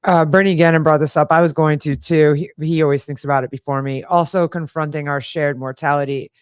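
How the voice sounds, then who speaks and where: A man hosts a podcast, reflecting on his own experience and then asking his guest questions. His voice is smooth and a touch higher than most men's. It sounds dry and close-miked. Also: steady tone, fairly quick, no room sound. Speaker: podcast host. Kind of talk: interviewing.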